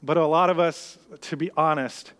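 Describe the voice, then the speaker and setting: Earnest high-voiced male pastor preaching. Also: fairly even intonation, moderate pace, fairly bright tone, clean tone. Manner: earnest, conversational, acts out worried inner voices. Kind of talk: sermon.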